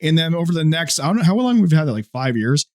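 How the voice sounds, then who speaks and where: A man co-hosts a casual gaming podcast, telling teasing stories with crude language and frequent laughter. His voice is on the high side, very animated and quick.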